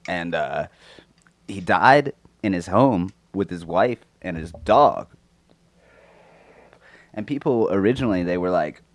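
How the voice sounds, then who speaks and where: Podcast co-host, man with a sore throat: low voice, crude rambling chat, dry close mic. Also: no echo. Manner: crude, rambling, swears a lot. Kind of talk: casual chat. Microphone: close microphone.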